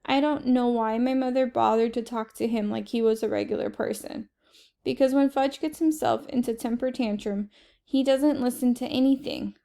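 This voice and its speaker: A woman reading a children's chapter book aloud in steady first-person narration. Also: a little high, moderate pace, gravelly. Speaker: reader.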